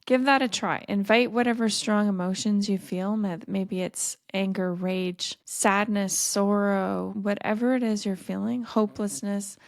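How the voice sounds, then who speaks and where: A middle-aged woman talks through her solo podcast as a dating coach, gentle and earnest. Her voice has a gravelly edge at an ordinary pitch for a woman. The sound is dry and close, with no room around it. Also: dry recording.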